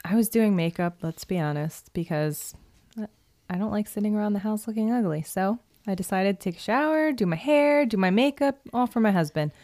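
A woman's voice: mid-range voice, lively intonation, fairly quick, warm tone. A woman with a mid-range voice recounts her side of an evening in a chatty way. She is candid and offhand, filling in small details as she talks. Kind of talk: casual storytelling.

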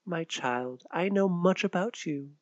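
A man voicing a mysterious hooded woman in the forest, gentle and protective, speaking in a light, lilting, near-whispered way for a storybook reading. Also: fairly high pitch, lively intonation, normal speed, no echo, lo-fi sound. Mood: soothing. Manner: soft, soothing, near-whispered.

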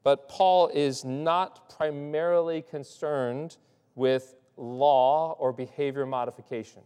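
Guy preaching in a church, voice a bit on the higher side, loose and chatty, lots of restarts and "right?", long echo in the room. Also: steady tone, slow, dark tone, smooth. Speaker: pastor. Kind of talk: conversational sermon. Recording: long hall reverb.

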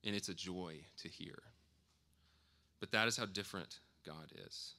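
A man in his thirties preaching a sermon in a relaxed, conversational way, often pausing to rephrase himself. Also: low voice. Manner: conversational, with frequent fillers and self-corrections. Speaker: pastor.

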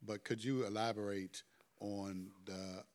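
A man's voice: lowish voice, little pitch movement, measured pace, darkish tone. A man relaying a congregation question, hesitant and careful. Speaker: question moderator.

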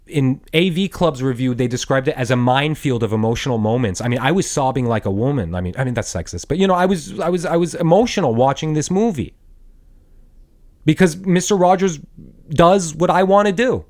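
A man's voice: on the high side, fairly quick. A young man ranting bluntly and profanely in a rambling monologue, restarting his sentences as he goes. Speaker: podcast host. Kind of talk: angry rant monologue.

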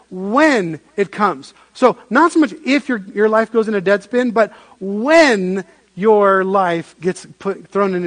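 Pastor, male, higher voice, animated sermon delivery, repeats and restarts phrases. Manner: animated storytelling with frequent restarts.

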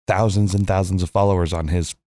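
A man co-hosting a podcast, cracking deadpan jokes in casual chat. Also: low voice, fairly quick, no echo, clean studio sound. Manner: wisecracking, deadpan quips. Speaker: podcast co-host.

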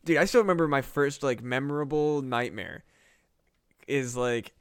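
A man's voice: mid-range voice, normal speed, smooth, no room sound, clean studio sound. A man co-hosting a casual comedy podcast, telling a story in a rambling way with lots of fillers and swearing. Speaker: podcast co-host.

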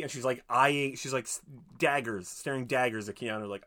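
A man's voice: medium pitch, fast. Man animatedly retelling a movie. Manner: animated storytelling, acts out characters' lines. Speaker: podcast co-host recapping a movie. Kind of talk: casual chat.

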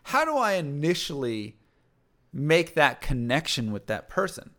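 A man talking in a casual conversation, energetic, often checking in with "right?" and acting out little quoted lines. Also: a little high, measured pace.

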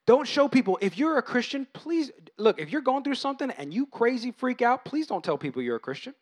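Casting: high-pitched male pastor in his thirties, conversational sermon, animated storytelling. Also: a little fast. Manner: conversational, animated, acts out quoted voices.

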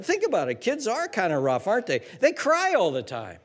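A man's voice: very high-pitched, sing-song, normal speed, few pauses. A man preaching a sermon as pastor, emphatic, repeating words and building lists of words that rise as he goes.

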